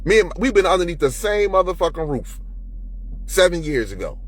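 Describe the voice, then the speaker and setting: A man's voice: sits high, sing-song, a little fast. A man in an unscripted monologue to camera, profane and preachy, often heated. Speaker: vlogger.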